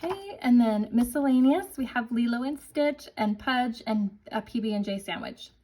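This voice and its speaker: A woman's voice: a little high, lively intonation, moderate pace, dark tone, low-quality recording. Upbeat woman in her forties counting cash. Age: 40s. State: slightly winded. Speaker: budgeting vlogger. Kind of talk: casual chat to viewers.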